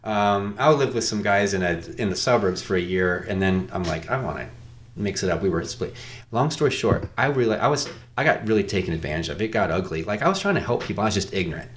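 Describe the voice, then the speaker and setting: Lower-voiced man from Iowa, earnest podcast guest, rambling, self-correcting storyteller. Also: lively intonation, quick pace. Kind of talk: conversational debate.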